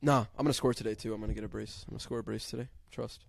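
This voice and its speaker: A man's voice: lowish voice, fairly even intonation, racing, gravelly, dry recording. A young man co-hosting a casual sports podcast, laid-back and slangy. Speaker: podcast co-host. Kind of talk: casual chat.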